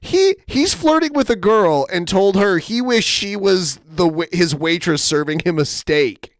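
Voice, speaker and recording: Man, podcast co-host, mocking tone, reading messages aloud, slightly high voice, dry close mic. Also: animated, unhurried, dry recording. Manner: mocking, amused narration of cringe messages.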